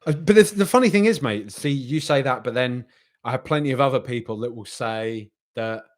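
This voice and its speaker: A young man hosts a live post-match reaction stream. He reads out viewer comments and answers them in an animated, conversational way. He often restarts and repeats his phrases. His voice sits at an ordinary middle pitch. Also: brisk. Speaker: football podcast host.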